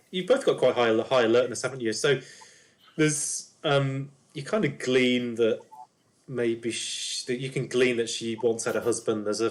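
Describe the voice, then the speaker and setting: A man narrating a tabletop game as its game master, in a mid-pitched voice. He describes scenes loosely, with plenty of ums and restarts along the way. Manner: loose, hesitant narration with many fillers.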